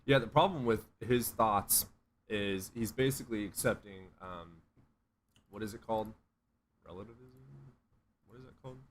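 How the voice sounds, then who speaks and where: A man's voice: fairly low pitch, normal speed, pauses often, a little hiss or hum. A man doing casual, blunt livestream commentary on a desk USB microphone, sarcastic and profane. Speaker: streamer.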